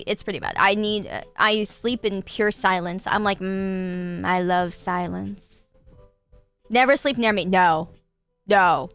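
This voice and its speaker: Young woman, streamer, animated casual chat, swears a lot, faint music behind. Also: on the high side, no echo. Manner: animated, laughing, swearing freely.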